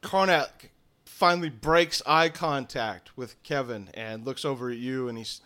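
A man narrating scenes as game master of a tabletop game, steady and descriptive with a few fillers. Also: medium pitch, a little slow, clean tone.

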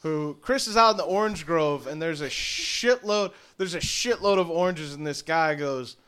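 Animated male game master narrating. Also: a little high, moderate pace, few pauses, clean tone. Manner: descriptive, relaxed, with fillers.

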